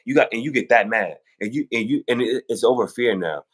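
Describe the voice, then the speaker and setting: Animated man telling stories casually. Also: mid-range voice, fast talker, few pauses. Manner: animated storytelling, acting out quoted voices. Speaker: guest on fashion talk show. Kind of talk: casual conversation.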